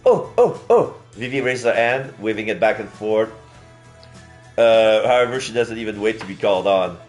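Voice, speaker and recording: A man's voice: fairly low pitch, steady tone, normal speed. Brief: male streamer reading a dating game aloud, casual and chatty, faint music under. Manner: chatty, laughing asides. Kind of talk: reading a visual novel aloud.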